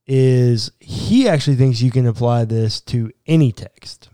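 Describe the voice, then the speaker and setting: A man's voice: medium pitch, unhurried, warm tone, no echo, clean studio sound. A man co-hosting a casual chat about prayer and faith, joking and thinking aloud as he talks. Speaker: podcast co-host.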